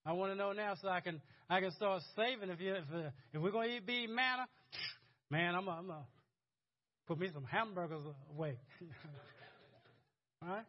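A man's voice: high voice, normal speed, long pauses, highs cut off. A man preaching a sermon in a conversational, chuckling way, often repeating words as he goes. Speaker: pastor.

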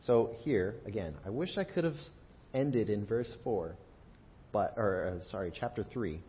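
A man preaching in a church, retelling scripture in a conversational, humorous, animated way. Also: measured pace, husky. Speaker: pastor. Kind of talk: sermon. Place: church sanctuary. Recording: dull audio with faint rumble.

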